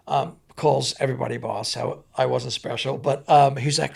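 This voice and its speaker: A man, a stuntman guest, telling animated on-set stories and acting out the voices of the people in them. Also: mid-range voice, moderate pace, vocal fry, few pauses. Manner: animated, acts out voices in anecdotes. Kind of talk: animated storytelling.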